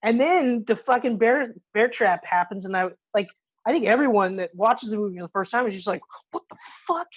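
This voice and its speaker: Woman podcast host, animated and profane, mid pitch, dull muffled recording. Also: a little fast, breathy edge. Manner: animated retelling, profane, acts out characters' lines. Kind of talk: casual movie review chat.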